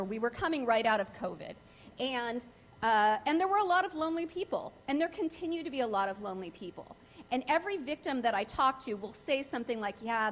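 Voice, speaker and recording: A middle-aged woman with a high voice addresses a club as guest speaker on cybercrime. Her talk is earnest and emphatic, with phrases frequently repeated for emphasis.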